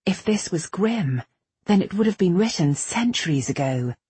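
Female audiobook narrator, low, very husky voice, dry close sound. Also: animated, normal speed, darkish tone, dry recording. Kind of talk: scripted fantasy narration.

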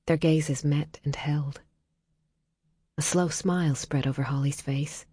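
A woman reading a novel aloud as audiobook narrator in a calm, measured way, dropping soft in tender passages. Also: deep voice, breathy edge, no room sound, clean studio sound. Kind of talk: scripted narration.

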